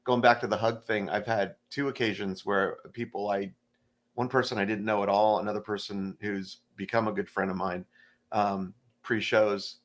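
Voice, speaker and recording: A middle-aged stand-up comedian chatting casually on a podcast, a relaxed storyteller who acts out the voices in his anecdotes. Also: on the low side, normal speed.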